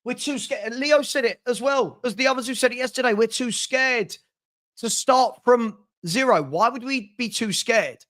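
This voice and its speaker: A man's voice: very high voice, normal speed, a bit bright. A man hosting a football channel, venting on a live stream with stammering restarts and repeated phrases. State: frustrated.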